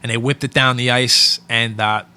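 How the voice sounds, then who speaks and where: A man's voice: medium pitch, normal speed, clean tone. A man, a podcast guest who works with hockey equipment, chatting casually and telling stories with easy laughs. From Pittsburgh area. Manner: relaxed storyteller, laughs often. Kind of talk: casual interview chat.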